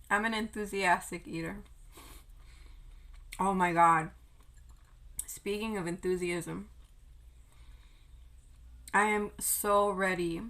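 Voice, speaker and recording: In a casual mukbang, a young woman vlogger eats on camera and tells a travel story, swearing occasionally. Her voice is medium-pitched with a fairly bright tone, and the audio is poor.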